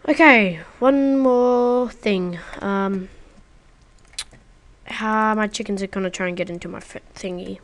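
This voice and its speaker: A woman's voice: medium pitch, slow pace. A woman giving casual, chatty let's-play commentary, talking playfully to her viewers. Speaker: gaming video creator.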